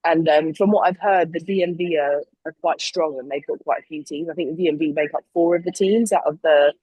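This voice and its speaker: A young woman chats casually on a podcast and tells stories in an animated way, full of asides and apologies. Her voice sits a bit low for a woman. The sound is close and dry. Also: fairly quick, slightly rough, dry recording, muffled recording. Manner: animated storytelling, lots of fillers and apologies. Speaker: podcast co-host and flag football player. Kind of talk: casual chat.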